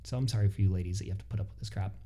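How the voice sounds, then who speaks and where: Podcast guy telling a story, animated, laughs a lot, mellow voice. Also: sits low. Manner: animated, laughs often, quick asides. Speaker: podcast co-host. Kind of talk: casual storytelling chat.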